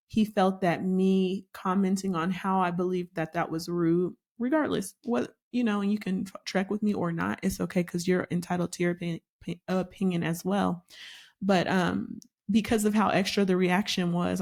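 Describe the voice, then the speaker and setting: A young adult woman co-hosting a casual chat about marriage, telling a story and acting out the quotes with lively emphasis. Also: mid-range voice, moderate pace, creaky. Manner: animated storytelling, acts out quotes. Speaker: podcast co-host.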